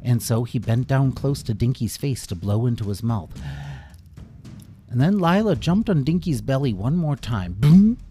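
A man's voice: mid-range voice, animated, moderate pace, dark tone, slight background noise. A man narrating a children's story in a playful way, adding his own sound effects.

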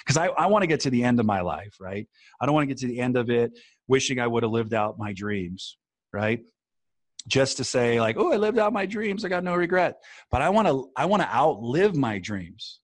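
With lively intonation and a medium-pitched voice, an author talks at a moderate pace as a podcast guest or co-host. The conversation is casual yet earnest, a reflective, filler-heavy ramble about feelings, recorded with no echo.

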